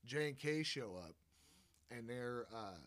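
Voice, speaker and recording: A man hosting a podcast, casually recapping a movie plot and cursing freely as he goes. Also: medium pitch. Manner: profane, animated retelling with quick impressions of characters. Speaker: podcast host.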